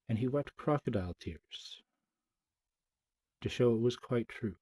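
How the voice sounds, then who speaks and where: A man reads a children's story aloud, measured and gently dramatic, and drops softer for the asides. His voice is husky and mellow. The recording is dry and close. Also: lowish voice, dry recording, poor audio.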